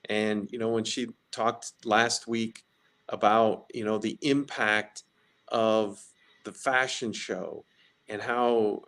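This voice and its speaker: A man's voice: medium pitch, vocal fry, a bit bright. A man co-hosting a talk show, speaking earnestly and driving home a message. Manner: earnest, emphatic, builds to punchy lines. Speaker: co-host.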